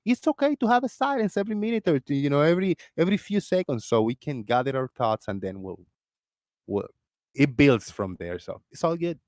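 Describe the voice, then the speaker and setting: A man with a Floridian accent hosting a live call-in discussion, talking in an excitable, rambling way with many restarts. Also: on the high side, fairly quick, no echo, studio quality. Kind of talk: casual live-stream chat.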